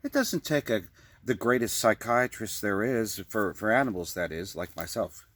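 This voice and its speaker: A man's voice: fairly low pitch, lively intonation, moderate pace, a bit bright, no echo. A man delivering a rambling, improvised comic monologue, often stammering and repeating words. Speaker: vlogger.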